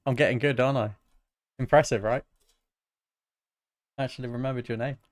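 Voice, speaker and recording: A man from Britain, a music producer casually chatting with his livestream viewers in a relaxed, self-mocking way. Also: medium pitch, brisk, dry recording.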